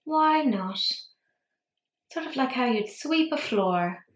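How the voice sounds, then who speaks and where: A woman's voice: sits high, lively intonation, slow, echoey room. A woman with an Irish accent, chatting her way through a makeup tutorial in a rambling, self-deprecating manner. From Ireland. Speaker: makeup vlogger.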